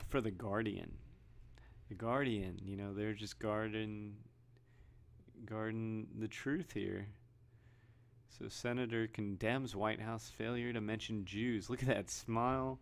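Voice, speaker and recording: A man talks through his thoughts in a loose, rambling vlog. His voice sits fairly low, with a gravelly fry, and he often restarts his sentences and reads headlines aloud. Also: steady tone, takes it slowly. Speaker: vlogger. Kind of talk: casual commentary.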